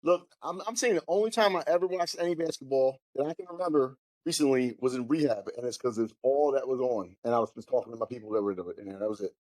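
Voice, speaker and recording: A man's voice: mid-range voice, quick pace, hardly any pauses, darkish tone, no echo. A man co-hosting a casual podcast, laid-back and self-deprecating, laughing often. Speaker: podcast co-host.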